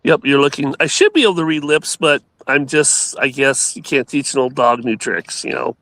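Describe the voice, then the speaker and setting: A man's voice: medium pitch, expressive, normal speed, a bit bright, no echo. A man telling stories in casual chat on a show, rambling with many restarts and laughs.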